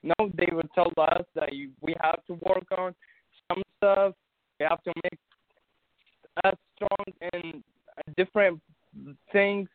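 Halting man on a tinny line. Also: sits high, fairly even intonation, dry recording. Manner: halting, many restarts and fillers. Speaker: guest recounting an event. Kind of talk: casual conversation.

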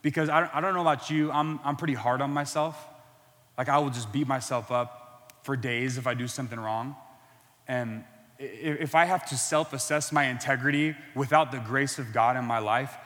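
A man's voice: mid-range voice, moderate pace, fairly bright tone. Earnest preacher man in a reverberant hall. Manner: earnest, builds to impassioned emphasis. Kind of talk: sermon.

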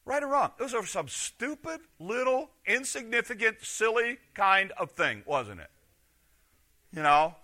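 A middle-aged man, a pastor, preaching a sermon with emphatic rhetorical questions that swing from loud to hushed. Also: high-pitched, very animated, unhurried.

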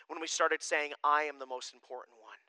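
A male pastor preaching a sermon, swinging between loud declarations and quiet asides. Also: on the high side, steady tone, fairly quick, clear, resonant tone, no echo, poor audio.

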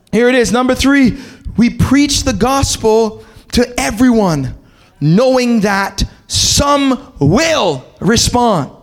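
A man preaching a sermon as pastor, calling on the congregation to repeat phrases and rising into shouted, sing-song peaks. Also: extremely high pitch. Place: church hall with a congregation.

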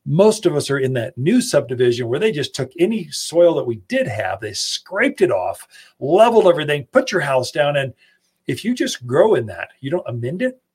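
Husky folksy man giving gardening advice. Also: fairly high pitch, very animated, moderate pace, darkish tone. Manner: folksy, chatty, addresses listeners directly. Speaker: gardening radio host. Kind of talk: casual radio advice talk. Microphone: studio microphone.

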